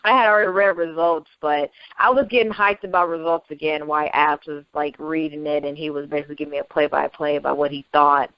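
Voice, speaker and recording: A woman chatting casually as a podcast co-host, excitable and gushing, laughing often. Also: sits low, quick pace, few pauses, clear, resonant tone, no room sound. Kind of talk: casual chat. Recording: dry lo-fi recording.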